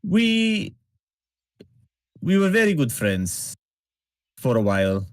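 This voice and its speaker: A man's voice: a little high, big pitch swings, takes it slowly. A man role-playing his character in a tabletop game, speaking formally without contractions, often stumbling and repeating words.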